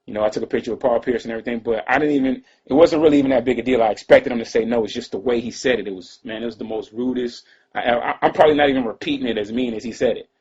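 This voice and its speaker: Man, casual storyteller, slangy and rambling, rapid delivery. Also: medium pitch, steady tone, breathy edge. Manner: laid-back, rambling, slangy, trails off into quiet asides. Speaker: rapper telling a personal story. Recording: dull lo-fi sound.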